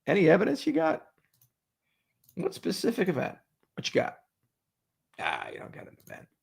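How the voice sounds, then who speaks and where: Very gravelly, husky man hosting a stream. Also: sits high, wildly swooping pitch, normal speed. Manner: sarcastic, joking, swearing. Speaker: livestream host answering viewer questions. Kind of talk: casual livestream Q&A.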